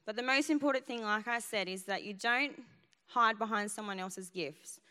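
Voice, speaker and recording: A woman's voice: medium pitch, moderate pace, sharp tone, smooth. A woman pastor preaching a sermon, telling a personal story in an emphatic way. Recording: long hall reverb.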